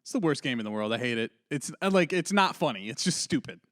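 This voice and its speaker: A man's voice: mid-range voice, lively intonation, quick pace, fairly bright tone, dry recording. Laid-back man, dry close sound. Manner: laid-back, laughs often. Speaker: podcast host. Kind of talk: casual chat.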